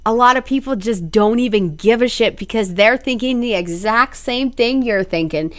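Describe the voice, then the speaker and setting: A young woman speaks at a moderate pace in a slightly high voice while hosting a casual solo podcast. She's blunt and expressive, swears freely, and gives voice to her inner thoughts by acting them out.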